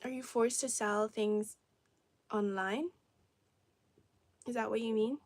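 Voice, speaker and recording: Speaking slowly with fairly level intonation, this livestream host has a slightly high, somewhat mellow voice and no echo around her. She is a young native Cantonese speaker from China, chatting casually and answering viewers' comments into a phone or camera on a tripod.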